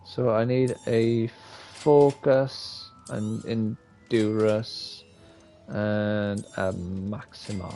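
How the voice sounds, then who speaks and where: Rambling, profane gamer. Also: male voice, on the low side, flat delivery, drawn-out words, mellow, soft background music. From Wales. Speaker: streamer. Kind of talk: live gameplay commentary.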